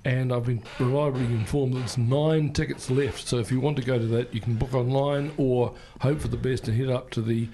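Man, New Zealand accent, radio host; gravelly, meandering, lots of "um"s. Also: mid-range voice, steady tone, brisk, few pauses, mellow, slight background noise. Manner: rambling, full of ums. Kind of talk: casual radio chat.

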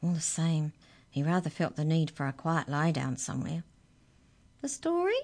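A woman reading a children's story aloud, with gentle, chatty asides to young listeners. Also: low-pitched, steady tone, normal speed.

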